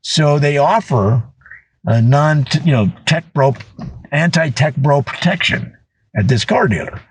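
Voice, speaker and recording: A man telling a comedic monologue, animated and full of voiced asides. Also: a little high, unhurried, slight background noise, rough recording.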